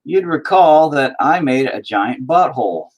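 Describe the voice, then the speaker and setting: This streamer's voice sits at medium pitch with lively intonation and a slightly slow pace. He paints while rambling to his viewers, cracking jokes and swearing all the time.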